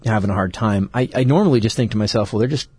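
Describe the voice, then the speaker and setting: A man in his thirties in casual chat, an animated storyteller who acts out quotes and laughs often. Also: fairly low pitch, racing, breathy edge, no echo.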